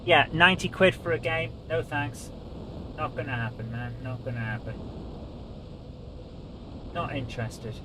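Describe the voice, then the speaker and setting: British guy streaming, kinda high voice, muttering and moaning as he tweaks his mic, noisy background hiss. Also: steady tone, a little slow, pauses often. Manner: chatty, grumbling asides while tweaking audio settings. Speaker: live stream host. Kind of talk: casual live-stream chat.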